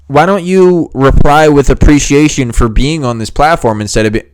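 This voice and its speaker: A man's voice: fairly high pitch, moderate pace, few pauses, smooth. Heated, profane man ranting about games. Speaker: gaming video host. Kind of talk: ranting reaction commentary.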